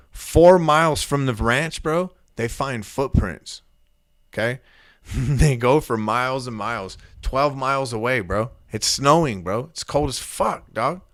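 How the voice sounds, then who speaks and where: A man's voice: medium pitch, a bit bright, dry recording. A man co-hosting a casual podcast, telling stories in a profane, slangy way and acting out the quotes. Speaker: podcast co-host. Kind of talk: casual storytelling chat.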